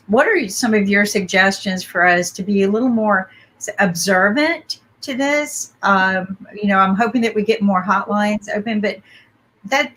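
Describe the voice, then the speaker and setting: Halting woman hosting a panel. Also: mid-range voice, fairly bright tone. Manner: halting, restarts her sentences. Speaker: host. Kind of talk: video call chat.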